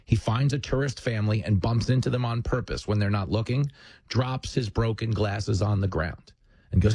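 Male host, husky voice, dry close studio sound, combative monologue, joking. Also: on the low side, moderate pace, a little mellow, dry recording. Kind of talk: political commentary monologue.

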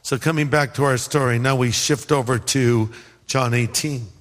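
A pastor of medium pitch and ordinary speed preaches a sermon with a long hall reverb behind him. He tells a story with humor, acting out the voices of the people in it and dropping in comic side remarks.

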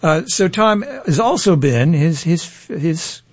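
A man's voice: on the high side, big pitch swings, slow pace, darkish tone, no room sound. A man hosting a morning public radio show, chatting loosely through a pledge drive with restarts and fillers. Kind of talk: pledge drive on-air chat. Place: radio studio. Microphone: studio microphone.

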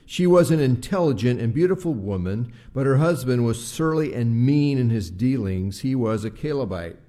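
A male pastor preaching a live Sunday sermon, measured and slowing to stress key words. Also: mid-range voice, animated, warm tone. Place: church service recorded live.

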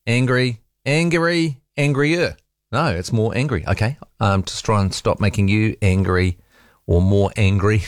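A man's voice: on the low side, no echo, studio quality. A man with a New Zealand accent hosting a talkback radio show, chatting and reading out listener texts with amusement. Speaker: radio talk show host.

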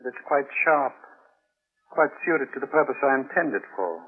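A calmly sinister stepfather. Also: mid-range voice, moderate pace. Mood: menacing. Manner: calm, smooth, sinister. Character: cold, menacing middle-aged stepfather with a knife. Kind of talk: 1940s radio acting. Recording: tinny old radio broadcast.

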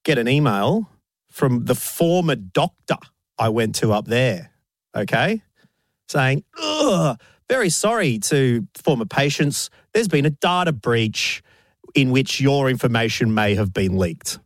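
A man's voice: medium pitch, a little slow, no room sound, clean studio sound. A man co-hosting a casual chat show, often mimicking other people as he tells stories. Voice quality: lively, mimics others in quoted voices. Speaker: co-host.

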